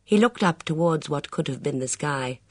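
A man narrating a mystery audiobook in a measured, even reading. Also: fairly high pitch, no echo, clean studio sound. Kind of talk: scripted narration.

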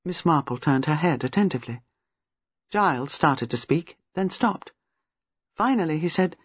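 An audiobook narrator reading a novel in a gentle, expressive way. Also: mid-range voice, normal speed, long pauses, breathy edge, dry recording, lo-fi sound. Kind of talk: scripted narration.

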